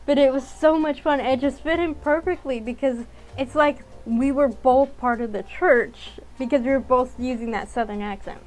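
A young woman talking casually over her game, chatty and rambling, her thoughts broken up with plenty of ums. Her voice sits fairly high, and she sounds relaxed and conversational. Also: normal speed, hardly any pauses, low-quality recording. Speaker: game streamer. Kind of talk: casual chat while playing a game.

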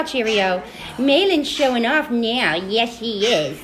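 A woman caring for parrots at a rescue, filming on her phone and talking to the birds in a high, sing-song baby voice between explanations to viewers. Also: big pitch swings, slow pace. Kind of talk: live-streamed feed from a bird rescue. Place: indoor bird rescue room. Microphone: phone held in hand. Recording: loud bird noise behind. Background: loud parrot squawks and chatter.

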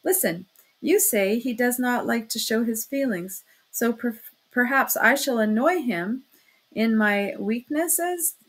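A woman's voice: fairly high pitch, animated, slow. A woman voicing an anxious, fluttering older mother who speaks timidly and keeps exclaiming, reading a classic novel aloud. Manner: flustered, exclaiming.

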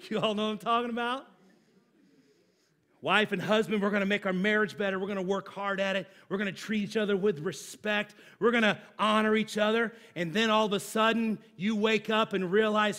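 A man's voice: high-pitched, fairly even intonation, normal speed, sharp tone. A man, a pastor, preaching a sermon in a conversational, emphatic way with everyday examples.

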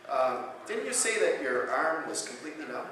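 A man's voice: a little high, moderate pace, background noise. A man, a chiropractor, giving a conference lecture, telling a patient story and acting out the voices in it. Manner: animated storyteller, acts out patient quotes loudly. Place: conference hall. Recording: echoey hall, distant mic.

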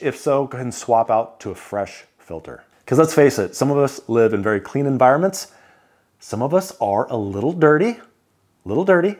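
A man's voice: mid-range voice, darkish tone. A man casually running through sleep equipment picks, chatty with joking asides. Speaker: CPAP equipment reviewer. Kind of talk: casual product rundown.

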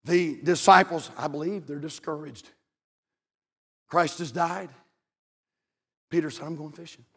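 Impassioned pastor preaching in a reverberant church. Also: male voice, high voice, husky. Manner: impassioned, shouting at peaks, repeating phrases. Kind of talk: sermon. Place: church sanctuary. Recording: long reverb of a church hall.

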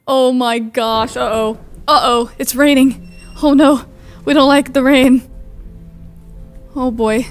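A young woman hosting a video game let's-play, gushing excitedly with lots of "oh my gosh" and "like". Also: sits high. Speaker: gaming YouTuber host.

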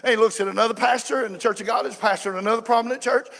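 A pastor preaching a sermon in a folksy way, moving from quiet asides to shouted fervor. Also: male voice, very high-pitched, steady tone, racing, vocal fry. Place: church sanctuary. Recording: echoey church hall.

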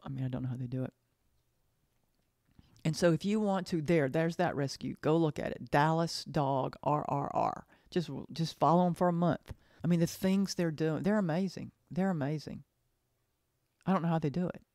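A podcast host speaks in a deep, slightly mellow voice, her casual monologue sincere and full of feeling. She keeps repeating herself, hesitating and trailing off only to start sentences over. There's no room sound, just clean studio audio.

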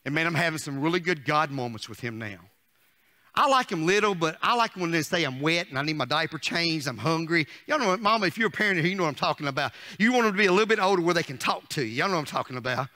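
A middle-aged male pastor giving a fiery sermon, firing questions at the congregation and swinging from shouted declarations to soft asides. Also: a little high, expressive, quick pace.

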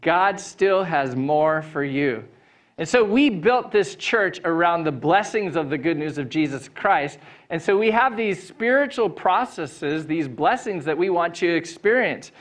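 Upbeat high-voiced pastor. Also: male voice, expressive, measured pace. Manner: upbeat, chatty storyteller who laughs through anecdotes. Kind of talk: Easter sermon with welcome and personal story. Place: church stage before a live congregation.

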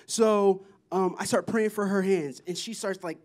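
A man sharing mission trip testimonies at a church, telling the stories in an excited, animated way, often laughing. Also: high-pitched, a little slow. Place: church service.

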